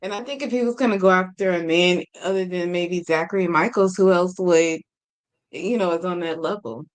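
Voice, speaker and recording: A woman's voice: fairly low pitch, normal speed. A woman on a livestream panel, thinking aloud in a hesitant way with many fillers. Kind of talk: casual panel chat.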